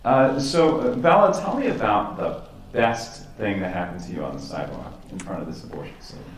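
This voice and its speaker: A man's voice: deep voice, expressive, far from the mic. Earnest male host in an echoey room. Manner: earnest, welcoming introductions with brief "uh" pauses. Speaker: show host. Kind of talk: program host interview.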